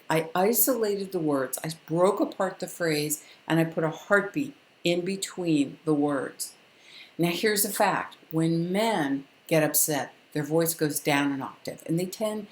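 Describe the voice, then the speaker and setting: Speaking directly to camera, a calm older woman gives a parenting lesson as a parenting educator, firm and instructive, with deliberate pauses between her points. Her voice is a little low, and the room sounds echoey.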